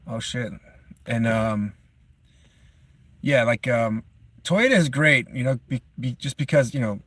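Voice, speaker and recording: Laid-back male vlogger, mid-pitched, rambling and unpolished, recording casual talk from his car. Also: unhurried, fairly bright tone, no echo. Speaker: YouTuber. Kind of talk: casual rambling vlog chat.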